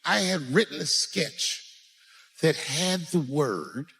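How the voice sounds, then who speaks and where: A man doing profane, animated stand-up storytelling on stage with a handheld mic, punching up lines with sudden shouts. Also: fairly high pitch, slow, creaky. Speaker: stand-up comedian. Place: stage in a large venue. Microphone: handheld microphone. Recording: echoey live venue.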